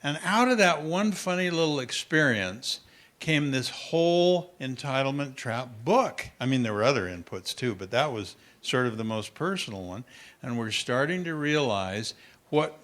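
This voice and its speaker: Animated older man telling stories on stage. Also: a little high, unhurried. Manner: animated storyteller, acts out his child's voice. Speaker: parenting speaker. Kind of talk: conference talk with anecdotes. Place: conference room with audience.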